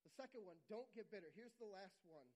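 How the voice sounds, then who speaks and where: A man preaching a sermon, earnest and repetitive, sometimes dropping to a quiet, intimate tone. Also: high voice, animated, quick pace, rough recording. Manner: earnest, repeats phrases for emphasis, drops to quiet intimate tones. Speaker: pastor.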